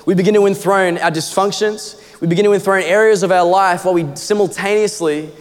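A man's voice: high-pitched, steady tone, brisk. A young man, an assistant kids pastor, preaching a sermon in an earnest, conversational way with casual fillers. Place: church auditorium. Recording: long hall reverb.

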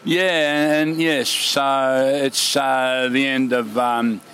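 A man's voice: mid-range voice, flat delivery, extremely slow, fairly bright tone, smooth. A middle-aged man, a market stallholder, chatting casually outdoors at a food market in a plain, easygoing way.

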